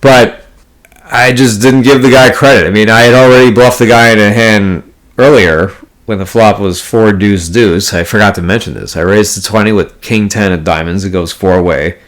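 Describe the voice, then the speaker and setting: A man's voice: fairly low pitch, steady tone, moderate pace. A man telling a poker story in a casual, blunt, profanity-heavy monologue, full of card jargon and rambling restarts. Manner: profane, blunt, exasperated ranting. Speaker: poker player vlogger.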